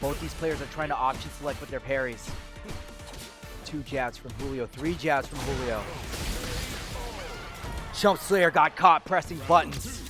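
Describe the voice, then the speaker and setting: A man giving play-by-play commentary at a fighting game tournament, getting excited and shouting at big moments. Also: medium pitch, measured pace, long pauses. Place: gaming venue. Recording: music clearly underneath. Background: music.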